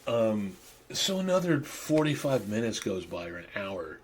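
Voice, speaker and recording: A man's voice: fairly low pitch, big pitch swings, a little slow, a little hiss or hum. A man in his fifties, a podcast host, rambling through crude stories in casual monologue and laughing at himself.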